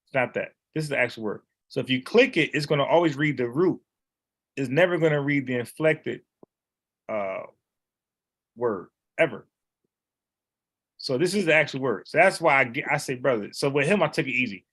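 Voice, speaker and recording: A man's voice: mid-range voice, animated, normal speed, pauses often, a bit bright, slightly rough. A man teaching in a casual, conversational way, repeating words and explaining letters one by one. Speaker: Bible teacher.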